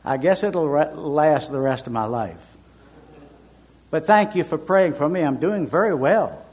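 An older male preacher from Virginia delivers a sermon in a slightly high-pitched voice. He tells personal stories conversationally and builds to emphatic, forceful declarations. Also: expressive, measured pace, breathy edge. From Richmond, Virginia, US. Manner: conversational storyteller, swells to emphatic proclamation. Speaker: minister.

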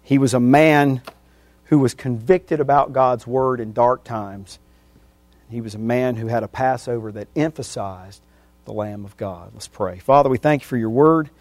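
Verse by verse, a man preaches from scripture, repeating phrases to drive points home and moving between loud emphasis and hushed endings. He speaks unhurriedly with a medium pitch and steady tone, and there's no echo.

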